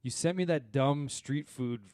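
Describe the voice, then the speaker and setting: Sex: man. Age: 30s-40s. Role: podcast co-host. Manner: animated, rambling storyteller. Sound: dry, close. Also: medium pitch, a little slow, no room sound. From Saskatchewan, Canada. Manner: animated storyteller, rambling with many fillers and asides. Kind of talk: casual chat.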